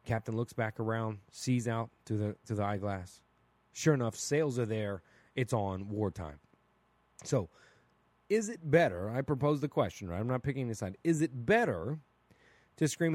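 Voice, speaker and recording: A man hosting a solo podcast, talking through his opinions in a casual, blunt and animated way, asking "right?" again and again. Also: mid-range voice, moderate pace, no room sound. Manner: casual and blunt, with mild swearing. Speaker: podcast host.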